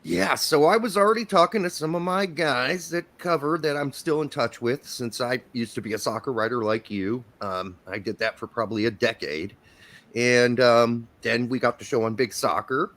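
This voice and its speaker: A man's voice: medium pitch, moderate pace, fairly bright tone. A man hosting a podcast on a video call from home, chatting casually with lots of fillers and easy laughs. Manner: laid-back, laughing, rambling with fillers. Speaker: podcast host. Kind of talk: casual live-stream chat. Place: home in Indiana.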